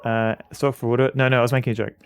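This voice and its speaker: Rambling Australian man with a gravelly voice. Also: mid-range voice, little pitch movement, dry recording. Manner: halting, rambling, many fillers. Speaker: streamer. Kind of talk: casual commentary while playing a game.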